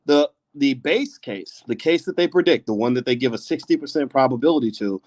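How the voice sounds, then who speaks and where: Male finance commentator, animated and folksy, mid-pitched, dry close mic. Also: a little fast, dry recording. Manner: animated, direct, folksy asides to the audience. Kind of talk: casual online talk to viewers. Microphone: desk microphone.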